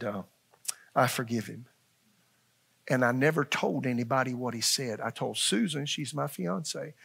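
A man's voice: mid-range voice, gravelly, a bit bright, slightly rough. A man in his sixties preaching a sermon to a church congregation, folksy and earnest, repeating lines and checking in with his listeners. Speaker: pastor. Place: church sanctuary.

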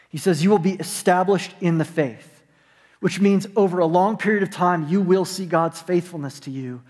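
A man preaching a sermon to his congregation, animated, slipping into acted-out asides. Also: fairly high pitch, in a large hall. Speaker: pastor. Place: church sanctuary.

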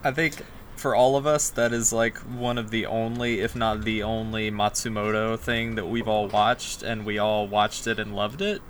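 Male co-host, lowish voice, teasing, faint hiss. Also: little pitch movement, moderate pace. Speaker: podcast co-host. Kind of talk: casual chat.

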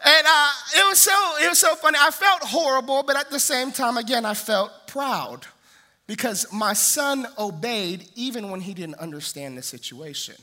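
A young man preaching a sermon, telling lively family stories and acting out the voices of the people in them. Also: extremely high pitch, normal speed. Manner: animated storytelling, acts out family voices. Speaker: pastor.

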